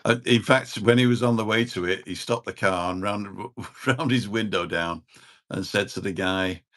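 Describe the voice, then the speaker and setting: Deep-voiced older man with dry humor. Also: moderate pace, a bit bright. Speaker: podcast guest. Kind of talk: casual chat.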